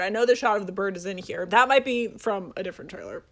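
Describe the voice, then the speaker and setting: A young man hosting a casual movie review, excitedly rambling and swearing as he gushes. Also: high-pitched, fairly quick, vocal fry, few pauses, slight background noise. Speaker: video essay host.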